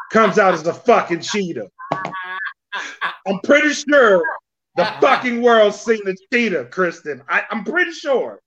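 A man's voice: high voice, sing-song, fairly bright tone. Profane laughing man, muffled lo-fi sound. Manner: profane, laughs often, chimes in with quick jokes. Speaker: podcast co-host. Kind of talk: casual chat. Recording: dull lo-fi sound.

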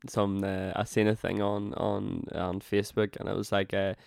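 Smooth low-voiced man. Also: flat delivery, normal speed, a little mellow, no echo, clean studio sound. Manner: laid-back, prompting questions. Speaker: podcast co-host. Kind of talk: casual chat.

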